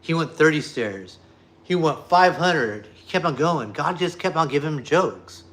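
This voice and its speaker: Rambling, profane man with a bright voice. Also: a little high, lively intonation, a little slow. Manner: profane, rambling, full of fillers. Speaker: streamer talking to viewers. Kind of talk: casual chat and joke telling.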